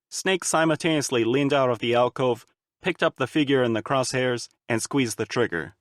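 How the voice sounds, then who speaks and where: A man reading a fan-made audiobook in a steady, even storytelling manner. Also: mid-range voice, dry recording, clean studio sound. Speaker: audiobook narrator.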